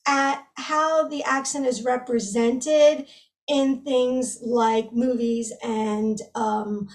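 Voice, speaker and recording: A woman being interviewed as a researcher, explaining her work in a measured way with frequent fillers. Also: a little high, fairly even intonation, darkish tone, distant mic. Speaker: guest researcher. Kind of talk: academic interview.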